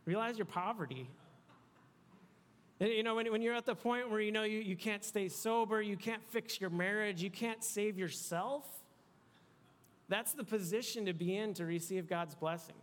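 High-voiced casual preacher in a hall. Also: male voice, normal speed. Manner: casual, conversational preaching with many restarts. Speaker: youth pastor. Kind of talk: sermon. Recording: long hall reverb.

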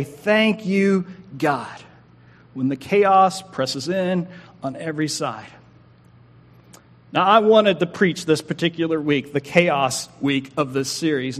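A man in his forties, a pastor delivering an earnest sermon with emphatic, slowly paced pauses. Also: fairly high pitch, fairly bright tone. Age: 40s. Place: church sanctuary. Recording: long hall reverb.

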